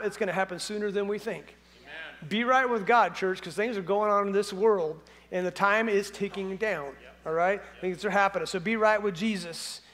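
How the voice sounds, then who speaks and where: A male pastor preaching a sermon in an animated, jokey storytelling way. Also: high-pitched.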